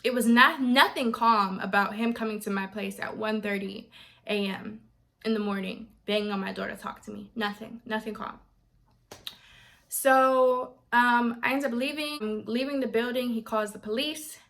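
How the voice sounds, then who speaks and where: Animated young woman telling a story. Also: a little high, moderate pace, gravelly. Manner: animated, quotes others in voices. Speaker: vlogger. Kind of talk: casual storytime.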